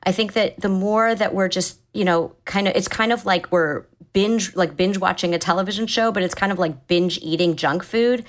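A woman in her forties, a therapist, calmly explaining advice in conversation, often restarting her sentences as she thinks. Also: medium pitch, normal speed, hardly any pauses. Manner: calm, thoughtful, explanatory with frequent restarts. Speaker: therapist guest.

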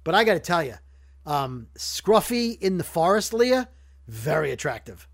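A man's voice: on the high side, very animated, normal speed, creaky, no echo, studio quality. A man from Brooklyn hosting a podcast in casual chat, rambling and joking as he corrects himself. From Brooklyn, New York. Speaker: podcast host.

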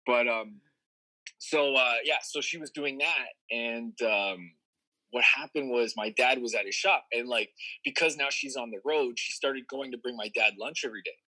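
A man recounts a story from his past in easygoing conversation. His voice is very bright and cutting, and he wanders through fillers, restarts and casual profanity as he goes. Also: mid-range voice, moderate pace, rough recording. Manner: rambling, profane, lots of fillers.

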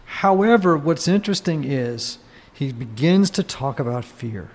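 A man's voice: fairly high pitch, expressive, unhurried, a little mellow, in a large hall. A man co-hosting a podcast, explaining in a teacherly way and asking rhetorical questions. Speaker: podcast co-host.

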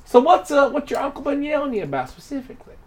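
A man playing a fawning, flattering middle-aged man in an improvised role-play, using a put-on, unplaceable accent. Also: very high voice, very fast, voice pushed up, full character voice. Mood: encouraging. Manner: flattering, gushing.

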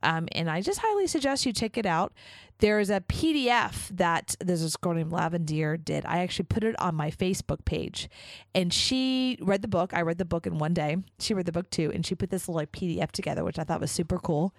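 A woman's voice: lowish voice, expressive, fairly quick, no room sound. A woman hosting her own podcast, talking in a chatty, enthusiastic way with lots of casual fillers. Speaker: podcast host. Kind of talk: casual solo podcast monologue.

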